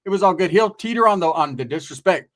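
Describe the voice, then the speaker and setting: A man's voice: high voice, expressive, fast talker, fairly bright tone. A man from California telling a profane, slangy comedy story, laughing and doing voices.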